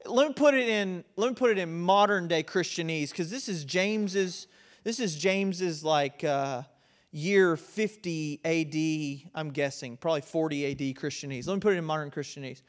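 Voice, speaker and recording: A man with a high voice delivers an impassioned sermon. He drives his points home with force, then drops low and quiet to press them in. He sounds middle-aged. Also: normal speed. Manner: impassioned preaching, swings between loud emphasis and quiet intensity. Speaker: pastor.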